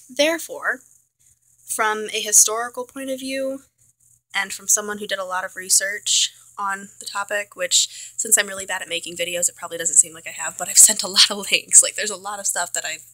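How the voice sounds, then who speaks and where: Chatty young woman with a bright edge. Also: medium pitch, dry recording, poor audio. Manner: chatty, filler-heavy, trailing restarts; wry, self-mocking asides. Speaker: student vlogger. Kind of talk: casual film review vlog.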